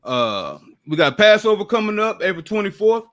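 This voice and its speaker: Announcer for a church class, man with a high voice, quick list-like delivery. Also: sing-song, fairly bright tone. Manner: brisk, list-like reading. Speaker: class member reading announcements.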